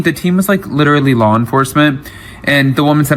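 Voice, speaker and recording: High-voiced man with animated commentary. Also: quick pace. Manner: animated, acts out quotes. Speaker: commentator in a clip. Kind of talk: casual commentary to viewers.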